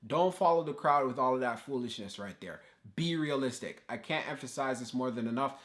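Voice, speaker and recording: A man's voice: medium pitch, fairly quick, fairly bright tone. A man hosting a stock market video, talking viewers through chart levels and trading discipline with an emphatic, coaching tone. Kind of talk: solo market analysis talk.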